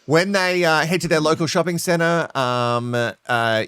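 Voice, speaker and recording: A man's voice: fairly high pitch, a little slow, fairly bright tone, clear, resonant tone, no echo, clean studio sound. Chatty, swearing man. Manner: chatty, swears freely, fillers and laughter. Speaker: podcast co-host. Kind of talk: casual chat.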